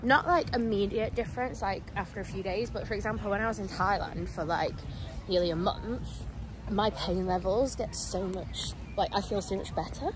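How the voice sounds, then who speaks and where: A woman's voice: mid-range voice, normal speed, noisy background. A young woman from England, chatting eagerly and rambling with plenty of fillers on a river boat. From northern England. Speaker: friend and travel companion. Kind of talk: casual chat.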